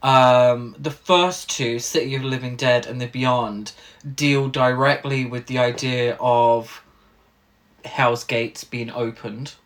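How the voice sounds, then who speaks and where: A man co-hosting a film podcast, talking casually with frequent pauses and ums. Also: mid-range voice, steady tone. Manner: hesitant, many ums. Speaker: podcast co-host.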